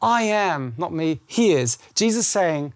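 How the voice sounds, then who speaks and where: A man's voice: high-pitched, slow pace. A man preaching as pastor at a church service, speaking conversationally and animatedly, acting out lines of scripture. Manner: animated, acts out scripture dialogue. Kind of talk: conversational sermon.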